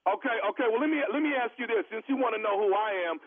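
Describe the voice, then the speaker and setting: A man's voice: very high voice, rapid-fire, narrow, tinny audio. A man on a radio show making a prank call, pushy and streetwise, drawing out his taunts.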